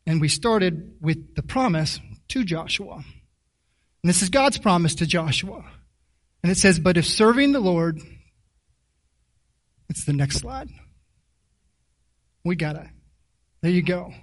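A man's voice: sits high, expressive, recorded from a distance. A man preaching a sermon in a chatty way, often repeating words and asking the congregation questions. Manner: halting, with many repeated words; conversational, asks the audience questions.

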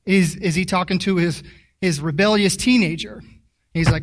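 High-voiced man giving a chatty sermon. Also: recorded from a distance. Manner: halting, with many repeated words; conversational, asks the audience questions. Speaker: preacher.

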